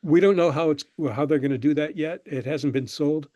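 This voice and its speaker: Older man with a mellow, dry voice. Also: on the high side, a little fast, dry recording, muffled recording. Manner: relaxed anecdotal storytelling, acting out the people he quotes. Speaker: guest, screenwriter and professor. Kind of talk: conversational interview storytelling.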